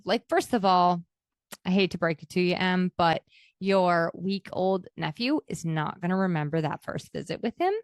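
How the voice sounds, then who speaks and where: A woman's voice: fairly low pitch, normal speed, clean tone, dry recording, clean studio sound. A woman hosting her own podcast, speaking candidly and reflectively, sometimes emotional. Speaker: podcast host. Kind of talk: reflective personal podcast talk.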